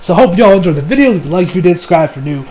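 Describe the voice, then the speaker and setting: Male reviewer with a high voice: casual, rambling, full of fillers and restarts. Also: expressive, racing, dark tone, a little hiss or hum, poor audio. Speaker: anime reviewer. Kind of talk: casual episode recap.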